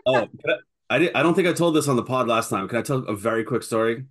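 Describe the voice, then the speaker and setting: A man co-hosting a casual podcast chat, telling an animated story with stumbling restarts. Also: mid-range voice, fast. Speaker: podcast co-host.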